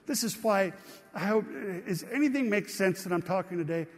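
A man's voice: sits high, animated, normal speed, breathy edge, faint music behind. A middle-aged man preaching a sermon in a church, telling a personal story in a conversational style and asking the congregation questions. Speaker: pastor. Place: church sanctuary. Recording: long hall reverb.

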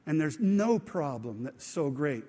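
A man's voice: on the high side, very animated, a little slow, dark tone. Man preaching in a reverberant hall. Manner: conversational preaching with tangents and questions to the congregation. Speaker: pastor. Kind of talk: sermon. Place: church sanctuary.

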